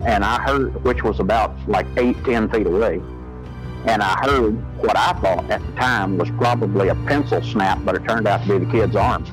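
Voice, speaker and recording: A man recounting past events in a halting, measured way, with frequent fillers. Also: fairly low pitch, soft background music, low-quality recording. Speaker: former staff member recounting events. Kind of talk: recorded testimony clip.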